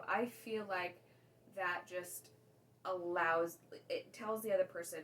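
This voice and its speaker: A woman's voice: mid-range voice, slow pace, fairly bright tone, far from the mic, a little hiss or hum, poor audio. A woman co-hosting a podcast, talking casually and rambling with lots of fillers. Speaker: podcast co-host. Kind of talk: casual chat.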